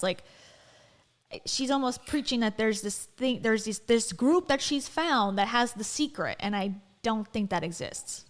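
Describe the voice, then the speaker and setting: Brief: woman co-host, higher voice, rambling casual talk full of "like". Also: normal speed. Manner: rambling, hedging with "like". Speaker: podcast co-host. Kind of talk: casual chat.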